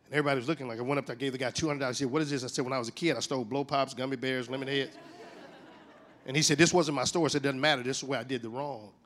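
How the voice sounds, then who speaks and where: A man of fifty preaching a sermon, telling stories with big swings in pitch and loudness. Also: racing. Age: 50s. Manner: animated storytelling with wide swings in pitch and volume.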